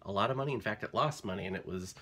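Bright-voiced rambling man hosting a movie review. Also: fairly low pitch, slightly rough. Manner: rambling, self-deprecating, quick to laugh. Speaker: movie review channel host. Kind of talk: casual conversational movie review.

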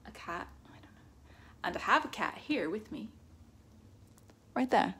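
A woman reading her own childhood story aloud in a put-on Irish accent, chatty and self-deprecating, with soft whispered asides, at home with her cat. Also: mid-range voice, very animated, normal speed, slightly rough.

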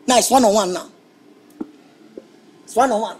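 A man playing an excitable young electrician who stammers and protests dramatically. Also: high voice, normal speed, husky. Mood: taunting. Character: excitable young male electrician, indignant and mocking. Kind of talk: Nollywood film acting.

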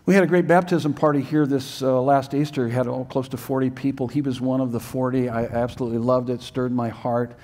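A man's voice: mid-range voice, fairly even intonation, brisk, few pauses, a little mellow. An older man preaching a sermon as a pastor in a church sanctuary, earnest and emphatic, with many rhetorical questions.

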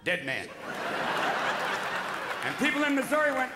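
A man doing live stand-up comedy on a theater stage, manic and rapid-fire, bursting into loud shouts and sudden voice switches. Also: very high voice, big pitch swings, roomy sound. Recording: live theater recording with crowd noise. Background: audience laughing and cheering.

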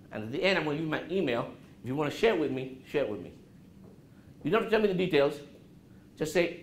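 Animated man lecturing a college class. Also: quick pace, pauses often. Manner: animated, asks the audience questions, drops his voice low to show calm. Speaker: guest speaker at a college business class. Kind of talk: interactive talk to students. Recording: roomy classroom with faint noise.

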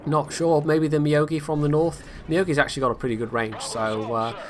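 A man's voice: fairly high pitch, level tone, brisk, slight background noise. A man giving casual, self-critical commentary over his own game replay, rambling with frequent restarts. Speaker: gameplay commentator.

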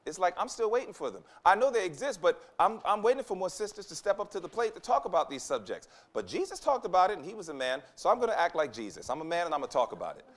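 A man preaching in a high, lively voice whose pitch leaps and falls. He is emphatic, repeats his key lines, and slips into quoted voices as he goes. Delivered as a sermon to a conference audience. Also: a little fast, hardly any pauses. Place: conference hall.

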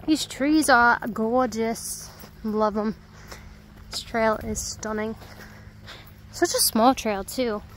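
High-voiced young woman vlogging on a trail. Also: takes it slowly, long pauses, a little hiss or hum, low-quality recording. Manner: chatty and excitable, bursts into loud exclamations. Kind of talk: casual hiking vlog. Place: outdoors on a wooded marsh trail.

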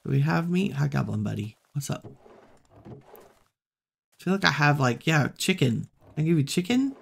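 A woman hosting a relaxed let's-play, musing aloud and chatting to the animals she meets in the game. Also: sits low, normal speed, vocal fry, slightly rough. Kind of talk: relaxed gameplay commentary.

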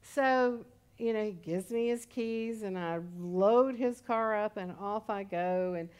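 A woman's voice: medium pitch, slow, a little mellow, smooth. A woman pastor in her sixties preaching a sermon in a conversational, storytelling way with humorous asides. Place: church service.

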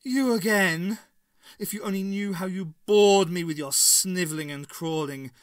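Man doing a cruel possessed woman ruler, raised and sneering, loud and exultant, storybook villainess, dry close sound. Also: a little high, fairly even intonation, a little slow, dry recording.

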